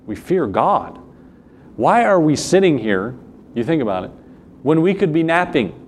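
A man's voice: on the high side, sing-song, unhurried, slight background noise. A man with a Southern US accent preaching a sermon, moving between conversational asides and King James scripture readings.

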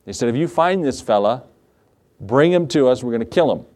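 A man delivers a sermon in a mellow, warm-toned voice at a middling pitch. He mixes scripture reading with folksy stories and asks the congregation rhetorical questions. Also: animated, a little fast. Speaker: pastor.

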